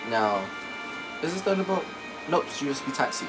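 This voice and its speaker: A man chatting casually while unboxing a laptop, excitable and gushing, recorded on a phone at home. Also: on the high side, brisk, poor audio. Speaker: tech unboxing vlogger. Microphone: phone camera. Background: background music.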